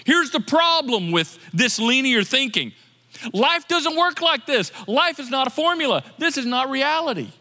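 A male pastor gives a conversational sermon with a high, very bright voice. He repeats words for emphasis as he talks the congregation through the point. The voice rings out with a long reverb in a church sanctuary. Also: very animated, normal speed. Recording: long reverb of a large hall.

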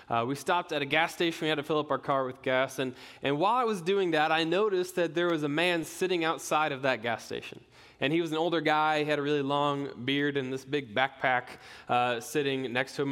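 A man's voice: fairly high pitch, fairly bright tone. A young man, a pastoral resident, preaching a sermon with conversational storytelling and self-deprecating humor. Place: church sanctuary. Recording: long reverb of a church hall.

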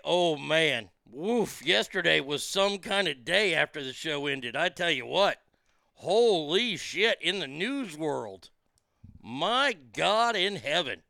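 A man with a somewhat high, creaky voice and a sharp tone hosts his own show, rambling irreverently and swearing in a casual solo monologue. He speaks into a studio mic routed through a mixing board, and the recording has no room sound.

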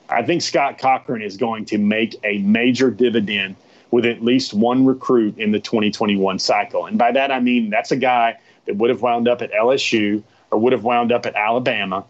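Chatty man hosting a lo-fi live stream. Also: on the low side. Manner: rambling, chatty, repeats himself. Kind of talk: casual live-stream talk to viewers.

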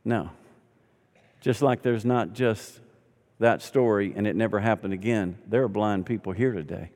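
A male pastor preaching a sermon, telling the story with animated delivery and acting out the voices of its people. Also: on the low side, normal speed. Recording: long hall reverb.

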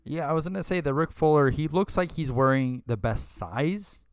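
Rambling man with a smooth, dry voice. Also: fairly high pitch, animated, normal speed, dry recording. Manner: rambling, many "like" fillers, laughs often. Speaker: podcast co-host. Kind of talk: casual chat.

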